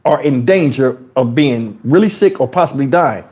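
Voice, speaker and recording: Man voicing a calm, blunt woman dentist, low and level, stating facts. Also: normal speed, highs cut off, close to an everyday voice. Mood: matter-of-fact.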